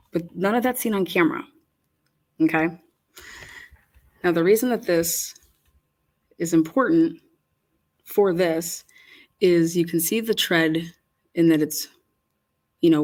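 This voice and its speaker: A woman's voice: low-pitched, darkish tone. A woman giving casual, rambling commentary over video footage, telling an incredulous story with frequent swearing.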